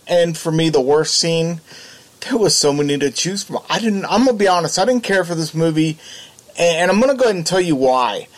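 A man co-hosting a podcast, giving opinionated, worked-up views in a casual movie chat. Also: a little high. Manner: opinionated, gets worked up in rants. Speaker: podcast co-host.

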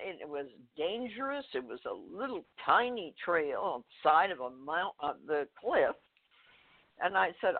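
An older woman, a guest author, telling a personal story in a phone interview, halting, with fillers, restarts and soft laughs. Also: on the low side, very animated. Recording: tinny phone line.

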